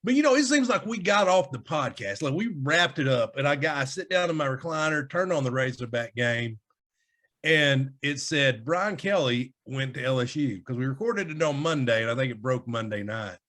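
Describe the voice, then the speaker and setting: Lively man chatting casually. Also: mid-range voice, moderate pace. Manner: rambling, animated, laughs often. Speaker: podcast co-host. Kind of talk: casual chat.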